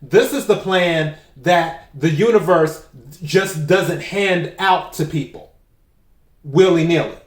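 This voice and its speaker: A man giving a spiritual oracle card reading to camera, talking in a slow, emphatic way and repeating his key phrases. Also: fairly high pitch, roomy sound. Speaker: tarot and oracle card reader.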